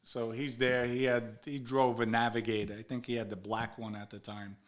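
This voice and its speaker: Man in his forties, casual spoken storytelling, salty language, average pitch. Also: level tone, normal speed. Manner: profane, acts out quoted dialogue. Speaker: guest storyteller.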